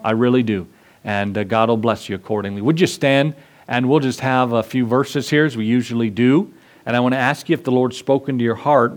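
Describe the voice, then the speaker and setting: A man preaching a sermon as pastor, earnest, acting out the voices in his stories. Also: mid-range voice. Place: church.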